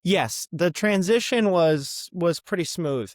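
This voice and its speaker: A man's voice: high voice, lively intonation, takes it slowly, no room sound, studio quality. Chatty young man with many ums. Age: young adult. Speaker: podcast guest. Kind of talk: casual interview chat.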